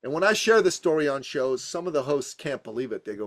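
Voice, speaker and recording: A man's voice: mid-range voice, very animated, quick pace. A man in his fifties from Iran, a business coach telling his story as a podcast guest in an emphatic, punchy, rhythmic way. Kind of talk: motivational storytelling in a podcast interview.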